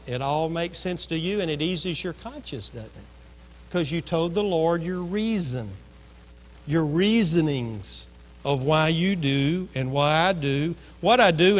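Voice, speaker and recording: Male pastor preaching, higher than usual pitch, echo of a large church hall. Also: measured pace, a bit bright. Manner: storytelling preacher who acts out voices. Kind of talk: sermon. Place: church sanctuary. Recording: long reverb of a church hall.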